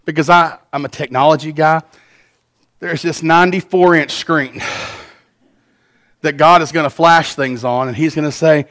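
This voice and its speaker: A pastor with a slightly higher voice delivers a sermon. He is earnest and shifts from quiet stretches to loud ones. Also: fairly even intonation, moderate pace, long pauses. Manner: earnest, swings between soft and loud.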